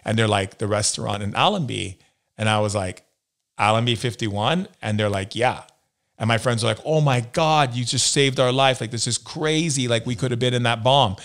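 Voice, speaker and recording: At a normal speed, this American spiritual healer tells stories as an interview guest, performing the voices of the people he quotes. His medium-pitched voice sounds a bit bright.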